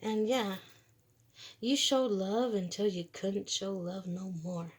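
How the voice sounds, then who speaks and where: A woman's voice: mid-range voice, takes it slowly. A woman doing a casual, rambling tarot reading, talking bluntly in slang and laughing between thoughts. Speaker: tarot reader. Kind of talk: casual spiritual reading monologue.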